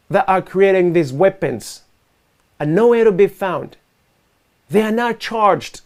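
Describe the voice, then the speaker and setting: A man with a high-pitched voice hosts a live online talk show. He speaks in an earnest, emphatic way and presses his case through rhetorical questions and repetition. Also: darkish tone. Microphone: video call setup.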